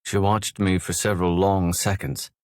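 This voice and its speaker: A man narrating a first-person romance audiobook in a measured, low-key way. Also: flat delivery, darkish tone, no echo, clean studio sound.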